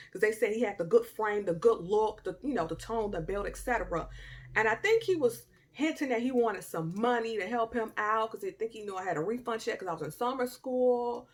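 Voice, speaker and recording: Young woman, storytime vlog, casual, dramatic, slangy, bursts loud then drops low. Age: young adult. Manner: animated, dramatic, swings from loud outbursts to low murmurs; informal Southern-style slang and asides. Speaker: storytime vlogger.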